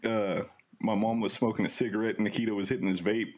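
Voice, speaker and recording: A man's voice: on the low side, flat delivery, quick pace, a little mellow. A young man hosting a casual podcast chat, telling stories with lots of laughter and swearing. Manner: laughing storyteller, swears freely. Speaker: podcast host.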